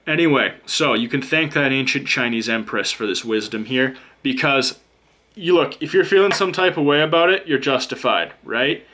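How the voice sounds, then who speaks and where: A man's voice: mid-range voice, normal speed, bright, forceful tone. Man, tarot reader, casual card reading, blunt, joking, profane, sarcastic asides, talks to the viewer. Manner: talks straight to the viewer as "you".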